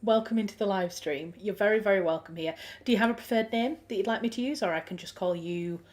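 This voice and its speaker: A woman with a Yorkshire accent hosts a relaxed livestream, chatting to viewers in an easy, friendly way. She thinks aloud, restarting sentences and filling gaps with ums. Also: mid-range voice, fast. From Yorkshire, England. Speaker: livestream host. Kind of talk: casual chat reading viewer comments.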